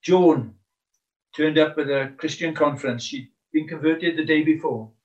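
A man's voice: fairly high pitch, measured pace. A man preaching a sermon earnestly, stressing his questions with mounting emphasis. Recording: muffled, from far off the mic.

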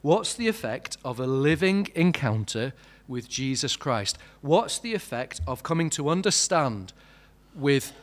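A man's voice: medium pitch, big pitch swings, a little slow. A man preaching a sermon, asking many questions and building to emphatic peaks.

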